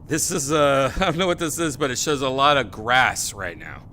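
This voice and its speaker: Bright-voiced rambling male podcast host. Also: mid-range voice, normal speed, a little hiss or hum. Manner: loose, rambling, laughing riffs. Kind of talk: casual chat.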